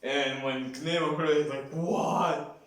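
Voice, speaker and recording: A man's voice: medium pitch, fairly even intonation, unhurried. Rambling man reviewing a comic chapter. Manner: rambling, heavy with fillers. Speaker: manga reviewer. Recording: very echoey room, far from mic.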